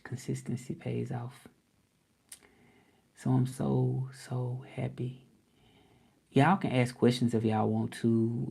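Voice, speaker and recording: A man hosting a casual livestream, relaxed and rambling, often repeating himself. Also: medium pitch, vocal fry, breathy edge. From Memphis, Tennessee. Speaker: language teacher and livestream host.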